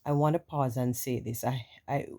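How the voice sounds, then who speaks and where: Speaking to her followers in a loose talking-to-camera ramble full of "you know"s, this vlogger has a Jamaican accent and a naturally deep voice made froggy and rough by the morning. Her tone is steady and warm, at a normal speed.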